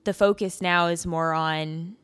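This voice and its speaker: A woman's voice: on the low side, steady tone, measured pace, a bit bright, clear, resonant tone. A woman co-hosting a casual chat, narrating events in step-by-step detail. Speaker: podcast co-host.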